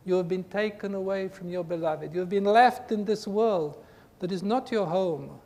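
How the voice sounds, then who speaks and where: A man giving an earnest spiritual talk to a group, with emphatic, repetitive phrasing, recorded in a reverberant hall with a faint rumble. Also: moderate pace, few pauses, darkish tone. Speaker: spiritual teacher.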